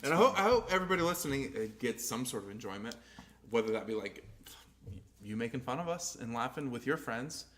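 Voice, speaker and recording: A man's voice: medium pitch, very animated, fast talker, fairly bright tone. Guy cohosting a podcast, rambly, cusses a lot, cuts himself off mid-thought. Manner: rambling, swears freely, trails off mid-sentence. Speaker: podcast co-host. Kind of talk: casual chat.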